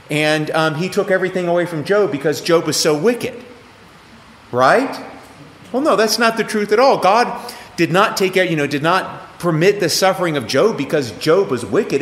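A middle-aged pastor preaches to a class in a lively, conversational way, his pitch rising and falling freely as he asks questions of the room. His voice sits a little high for a man. It rings with the long echo of a hall. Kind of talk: interactive sermon teaching. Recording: echoey hall, faint ambience.

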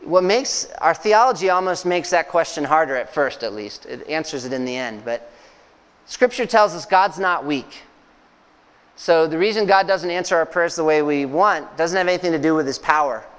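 A man preaching a sermon as pastor, speaking conversationally with fillers and soft laughs. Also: fairly high pitch, animated, normal speed, clean tone. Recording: long hall reverb.

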